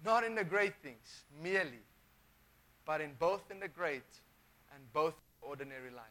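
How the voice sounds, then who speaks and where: A man's voice: fairly high pitch, lively intonation, moderate pace, fairly bright tone. A man preaching a sermon, emphatic, often repeating phrases and restarting sentences.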